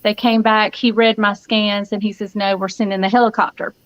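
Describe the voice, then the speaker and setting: A woman's voice: mid-range voice, flat delivery, brisk, low-quality recording. A woman in her fifties with a Southern US accent, giving an earnest personal testimony as a guest and acting out the voices she quotes. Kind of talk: personal testimony in a live chat.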